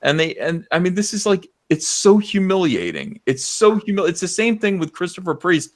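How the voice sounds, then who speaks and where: A man hosts a live stream in a heated, impassioned rant, sometimes nearly yelling. His voice sits a little high and swings widely up and down as he mocks others in put-on voices. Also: sing-song, moderate pace. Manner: loud, impassioned, mocking impressions. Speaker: livestream host.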